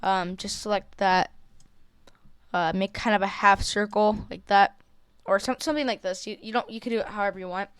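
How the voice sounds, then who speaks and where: A woman walking through a software drawing tutorial in a casual, hesitant way, with many fillers and self-corrections. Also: mid-range voice, fairly even intonation, moderate pace, clear, resonant tone, dry recording, studio quality. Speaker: tutorial creator. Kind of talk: screen-recorded software tutorial.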